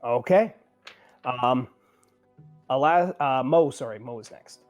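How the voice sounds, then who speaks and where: A game master walks players through a tabletop scene in a loose, rambling manner, full of "like" and "um" and frequent self-corrections. The voice is mid-range, slow, and a little mellow, with faint music in the background.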